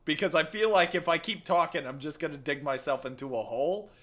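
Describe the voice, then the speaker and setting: High bright voiced streamer dude joking around with chat, slipping fake accent. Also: male voice, a little fast. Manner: joking, teasing banter with chat; playful put-on accent that keeps slipping. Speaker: gaming streamer. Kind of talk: casual live-stream chat.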